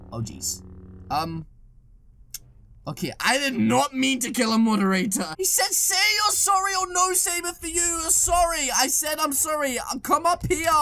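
A woman doing excited gameplay commentary as a gaming YouTuber, reading chat messages aloud to her viewers. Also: high-pitched.

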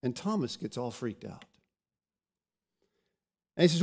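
A man's voice: mid-range voice, very animated, a little slow, gravelly, a little mellow, husky. A pastor preaching a sermon, often repeating words as he restarts, and telling scripture stories dramatically.

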